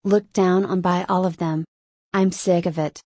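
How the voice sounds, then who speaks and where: A woman's voice: lowish voice, steady tone, unhurried, a little mellow, no room sound, clean studio sound. A woman voicing an exhausted young man pushed to his limits, complaining and out of breath in an audiobook reading. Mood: resolute.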